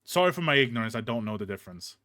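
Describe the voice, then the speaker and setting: A man's voice: mid-range voice, very fast, no echo, studio quality. A young man streaming, ranting casually and profanely with many restarts, in a hot room with a fan on. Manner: animated, profane, rambling with restarts.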